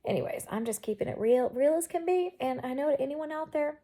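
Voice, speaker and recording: A woman's voice: high-pitched, expressive, brisk, warm tone. A woman with a Southern accent chatting in her bedroom, rambling and quirky as she talks to her viewers. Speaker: vlogger. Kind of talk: casual chat.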